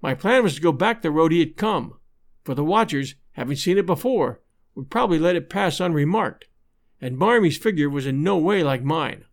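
A man narrating a classic adventure novel in a measured, even storytelling manner. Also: a little high. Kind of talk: scripted audiobook narration.

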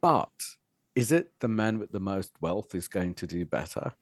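A man's voice: deep voice, animated, normal speed, no room sound, studio quality. A man speaking as a podcast guest, earnest and reflective, posing rhetorical questions. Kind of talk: reflective conversation.

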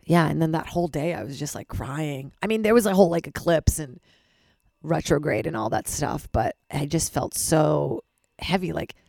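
A woman's voice: low-pitched, normal speed, creaky, mellow, no echo, clean studio sound. A young adult woman hosting a podcast, rambling candidly and self-deprecatingly with casual swearing, her voice a little worn. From Los Angeles-based. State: slightly lost voice. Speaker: podcast host. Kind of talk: candid personal monologue.

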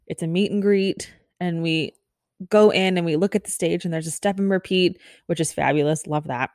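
A young adult woman podcaster telling a self-deprecating story in a casual, animated way. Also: on the low side, no echo, studio quality. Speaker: podcast host.

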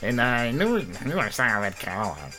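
Guy co-hosting a comedy podcast, loose and sweary, middle-pitched voice, a bit of music under it. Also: wildly swooping pitch, moderate pace, sharp tone. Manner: loose, joking, profane. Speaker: podcast host. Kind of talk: casual comedy podcast chat.

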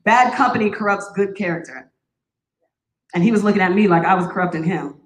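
A woman's voice: medium pitch, a little fast. A woman gives a frank personal testimony from a church stage, her voice sitting in the middle of the usual range. She talks casually and slips in jokes as she goes. The room adds a noticeable echo. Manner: candid, joking, conversational. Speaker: church speaker giving testimony.

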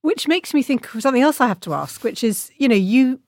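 A woman interviewing a guest on a podcast, asking warm, probing questions. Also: high voice, lively intonation, fast, dry recording, studio quality.

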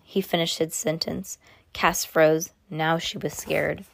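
Low-voiced woman reading a novel aloud. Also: steady tone, measured pace, vocal fry, dry recording. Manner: unpolished reading with frequent slips and restarts. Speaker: reader.

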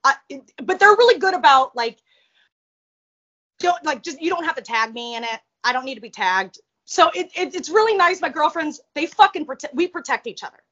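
A high-voiced woman, the guest in a casual interview, shares a personal story at normal speed with big pitch swings and a sharp tone. Her delivery is blunt, profane and animated, and the recording is a little muffled.

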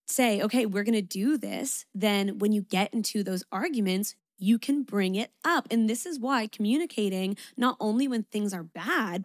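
A young woman hosts a casual advice podcast, talking frankly and with emphasis, and she swears without hesitation. Her voice sits at a middle pitch for a woman. The recording is dry and close, with almost no room sound. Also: no room sound. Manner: candid, swears freely, lively emphatic delivery with fillers. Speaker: podcast host.

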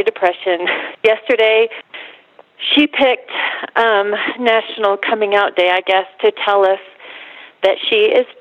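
Emotional female caller on a dull phone line. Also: medium pitch. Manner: emotional, holding back tears, quick and halting. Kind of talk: phone call-in.

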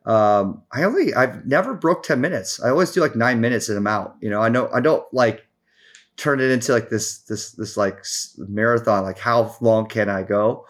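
A man's voice: medium pitch, normal speed. A man as a podcast guest in casual chat, rambling through stories with restarts and fillers and acting out what people said. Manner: animated storyteller, acts out quotes.

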